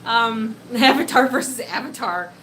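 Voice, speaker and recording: On a poor-quality recording with slight background noise, a young woman from Poland, Polish by upbringing, keeps up a chatty live stream with her pet. Speaking at a measured pace in a fairly bright, higher voice, she reads viewer comments aloud, giggles, and lapses into baby talk.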